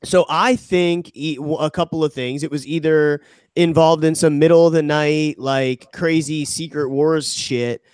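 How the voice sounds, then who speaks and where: A man's voice: on the high side, steady tone, measured pace, a little mellow, clear, resonant tone, no echo. A young man co-hosting a podcast in casual banter, joking around and swearing freely. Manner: joking, swearing, puts on mock Canadian voice. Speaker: podcast co-host.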